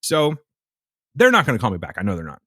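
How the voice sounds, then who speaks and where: Profane, animated male podcast storyteller. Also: lowish voice, fast talker, dry recording, studio quality. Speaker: podcast co-host. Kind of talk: casual storytelling chat.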